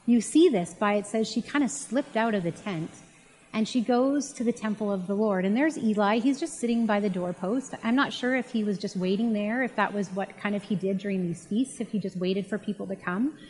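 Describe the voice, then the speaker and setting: A woman's voice: medium pitch, brisk, darkish tone. A woman giving a casual, chatty Bible teaching and retelling the story in a conversational way. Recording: long reverb.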